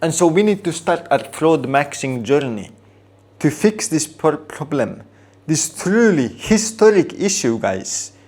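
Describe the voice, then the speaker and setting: Slow-talking, profane, mock-outraged man. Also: on the high side, sing-song, darkish tone. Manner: mock-outraged, profane, over-the-top ironic delivery. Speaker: vlogger. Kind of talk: comedic rant to camera.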